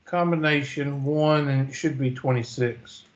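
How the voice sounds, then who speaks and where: In this lo-fi clip, a medium-pitched man gives a calculator walkthrough lecture for a math class. Sleepy and yawning, he takes it slowly, reading out the digits and calculator steps one at a time.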